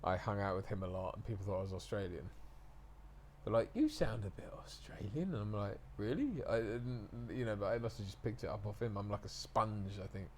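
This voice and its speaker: A man with an RP accent in casual chat, chatty and animated, often imitating regional accents. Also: lowish voice, a little fast, a little hiss or hum. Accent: Received Pronunciation.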